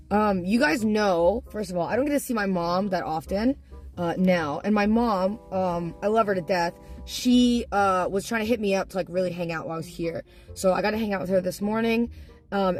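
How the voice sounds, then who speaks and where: A young woman streamer telling a family story casually to her viewers, animated, laughing and swearing freely. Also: medium pitch.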